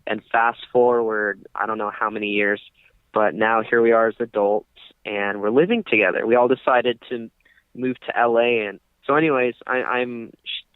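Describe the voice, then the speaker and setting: A man's voice: mid-range voice, steady tone, normal speed, smooth, no echo. Young man rambling through a story, phone-like sound. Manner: rambling storytelling, many fillers and restarts. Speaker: podcast co-host. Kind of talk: casual chat. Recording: dry, tinny phone-like sound.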